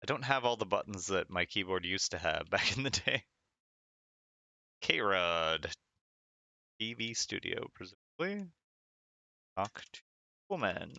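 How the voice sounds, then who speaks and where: A man's voice: low-pitched, sing-song, measured pace, gravelly, pauses often, pushed and bright, no room sound, highs cut off. A man streaming a retro game, reading its text aloud with wry asides and frequent laughter. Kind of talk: casual game commentary.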